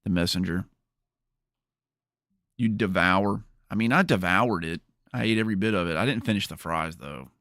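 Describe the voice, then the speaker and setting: Low gravelly-voiced male streamer. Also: moderate pace, long pauses, fairly bright tone, no room sound, studio quality. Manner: rambling, joking, chatting with viewers. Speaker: streamer host. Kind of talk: casual livestream chat.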